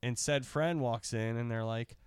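A man's voice: mid-range voice, moderate pace, clean tone, dry recording, studio quality. A man hosting a casual podcast chat, telling a story with lots of quoted dialogue. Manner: animated storyteller who acts out quotes. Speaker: podcast host.

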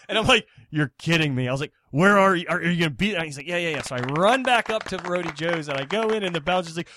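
A man's voice: sits high, fast talker, a little hiss or hum. A man co-hosting a casual comedy podcast, telling a rambling story and acting out the people in it. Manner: animated storyteller acting out quotes. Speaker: podcast co-host.

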